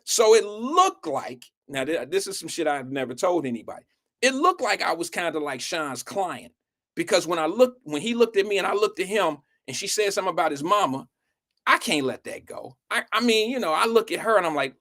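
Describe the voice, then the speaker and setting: A man hosting a live show, telling a story in an animated way, swearing freely and speaking straight to his audience. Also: high-pitched, brisk. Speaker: show host.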